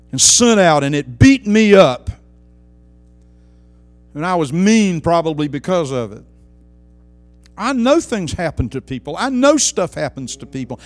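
A high-voiced man preaching with fiery passion. He swings from near-shouted praise down to low, hushed asides. Faint music plays softly beneath his voice. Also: no room sound. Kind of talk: sermon.

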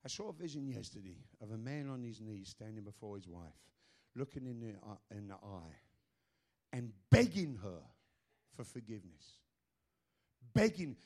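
A middle-aged man preaching a sermon, fervent and rising to shouts with drawn-out "uh" fillers, then dropping to a hushed, prayerful tone. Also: fairly low pitch, sing-song.

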